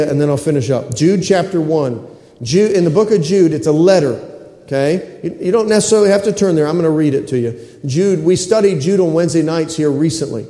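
A middle-aged man delivers a sermon from the pulpit, his high, mellow voice ringing through a reverberant church hall. He repeats his key lines for emphasis and keeps asking the congregation to answer back. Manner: emphatic, repetitive, asks the congregation for responses. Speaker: pastor. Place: church sanctuary.

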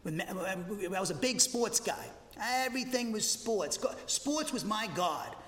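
A man preaching an expository sermon as pastor, talking in an animated, conversational way with frequent restarts. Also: high-pitched, a little slow, in a large hall. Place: church sanctuary.

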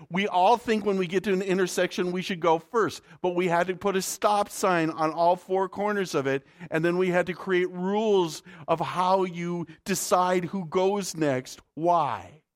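A male pastor preaching a sermon in a conversational way, often asking the congregation rhetorical questions. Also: high voice.

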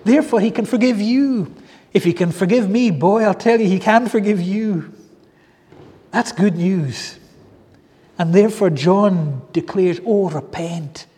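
A male preacher with a high, mellow voice delivers a fervent sermon, stretching out pleading calls. His words ring through a church hall with long reverb. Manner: fervent, drawn-out pleading exclamations.

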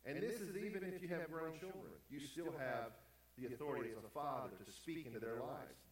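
Earnest pastor preaching in an echoey hall. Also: male voice, a little high, brisk. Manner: earnest, pleading, acts out scolding quotes. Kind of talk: sermon. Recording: echoey room, mic at a distance.

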